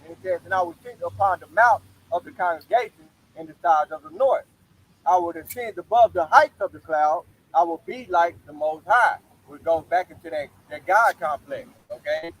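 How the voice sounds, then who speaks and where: A man's voice: high voice, normal speed, fairly bright tone, slightly rough, poor audio. A man reading scripture verses aloud and explaining them, often checking in with "okay?". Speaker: Bible study teacher.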